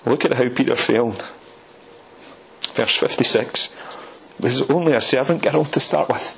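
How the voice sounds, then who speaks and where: A man's voice: mid-range voice, a little slow, gravelly, a little hiss or hum, rough recording. A man from Scotland with a Scottish accent, preaching a sermon with rhetorical questions and folksy asides.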